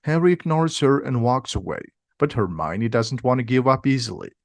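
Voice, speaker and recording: A man reads a simplified storybook aloud. His pace is steady and his words are clear. He speaks at a middle pitch, and the recording is dry and close. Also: moderate pace, dry recording. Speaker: audiobook reader.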